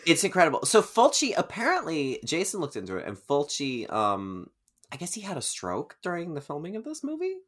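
A woman's voice: deep voice, huge pitch swings, a little fast. A woman co-hosting a casual film podcast, enthusiastic and jokey, often breaking into laughter. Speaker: podcast co-host. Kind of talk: casual film-review chat.

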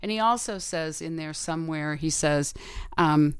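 A woman talking in a relaxed group chat, earnestly retelling favorite passages from a book. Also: deep voice, normal speed, clean tone, no room sound, studio quality. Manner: earnest, reflective storyteller. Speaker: participant in a group call. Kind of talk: casual group chat about books.

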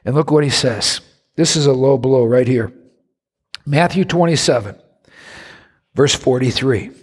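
A man's voice: measured pace, breathy edge. A man preaching a sermon to a congregation, with dramatic rises and drops in his delivery. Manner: dramatic, rising to high voices for quoted mockers. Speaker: pastor. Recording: reverberant hall.

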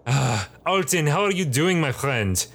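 A man's voice: on the high side, expressive, a little slow, a bit bright, slightly rough, pitched above the performer's own voice, heavily acted. A man voicing a weary male goblin locksmith who grumbles and sighs about tourists, with a hesitant manner.

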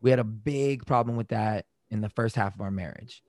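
A man in casual conversation about relationships, animated, acting out quoted arguments in raised voices. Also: lowish voice, fairly quick, no echo.

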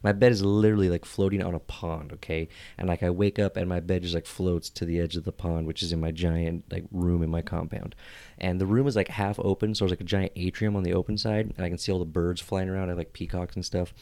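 A man with a low voice tells a sprawling comic story on a podcast. He rambles and piles on filler words. He drops to a whisper or jumps to a shout to sell the jokes. The sound is close and dry, with no room around it. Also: level tone, fast, hardly any pauses, no room sound. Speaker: podcast co-host. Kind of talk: comedic storytelling.

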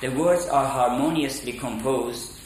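A man giving a spoken lecture on poetry, deliberate and halting with many fillers. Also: medium pitch, a little hiss or hum. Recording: echoey room.

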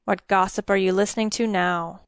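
A woman voicing a gruff, suspicious middle-aged male miller who grunts and growls his words. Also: mid-range voice, fairly even intonation, brisk, no echo, clean studio sound, close to an everyday voice.

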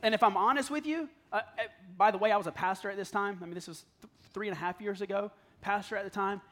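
A high-voiced man in his thirties gives a raw, confessional sermon to a church congregation. He drops to near-whispers and then climbs to loud, pleading peaks as he talks straight to the room. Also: fast. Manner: candid, swings from hushed to loud and pleading. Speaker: pastor. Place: church hall.

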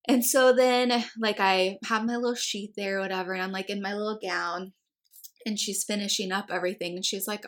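Bright-voiced young woman telling a story. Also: mid-range voice, fairly even intonation, normal speed. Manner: chatty storytelling, acts out quoted dialogue, many "like"s. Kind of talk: casual chat.

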